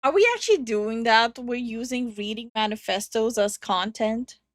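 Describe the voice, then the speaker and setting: A woman's voice: on the high side, moderate pace, no echo. A woman co-hosting a react video, making incredulous, dry remarks. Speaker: YouTube react co-host. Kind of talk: casual react commentary.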